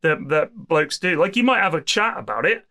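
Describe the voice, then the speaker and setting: A man co-hosting a podcast in casual chat, lively and jokey, quoting people in put-on voices. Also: on the high side, moderate pace. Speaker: podcast co-host.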